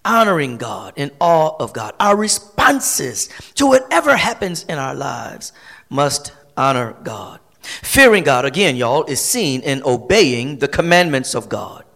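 A man's voice: big pitch swings, measured pace, gravelly, a bit bright. A male pastor delivering a sermon, repeating phrases as he builds. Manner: preaching with sweeping pitch swings and repetitions.

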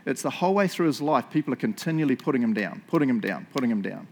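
A man's voice: medium pitch, animated, quick pace. A man with a New Zealand accent preaching a sermon in a church, chatty and joking, often tagging lines with "eh?" and "right?". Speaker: pastor.

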